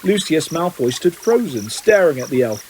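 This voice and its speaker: A man's voice: a little high, sing-song, moderate pace, darkish tone, a little hiss or hum, poor audio. Man reading a storybook aloud. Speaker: audiobook reader.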